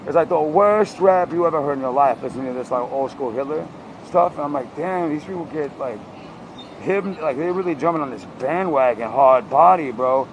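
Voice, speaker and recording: A man with a slightly high, gravelly voice delivers a rambling comedic rant full of slang. He talks outdoors on a city street, with faint traffic noise behind him. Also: brisk, dull audio. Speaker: comedic host.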